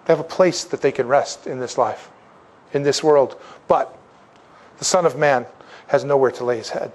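A male pastor preaching a sermon in a conversational style, acting out the voices of the people he quotes. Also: moderate pace. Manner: conversational preaching, acts out quoted voices, wide swings in pitch and loudness.

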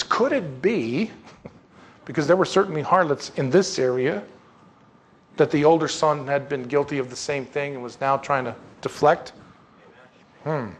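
A male pastor delivers a sermon in a loose, chatty manner. His voice sits a bit higher than most men's, and he keeps turning to the congregation with questions and joking asides. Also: animated, unhurried, pauses often. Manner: conversational, folksy asides, rhetorical questions.

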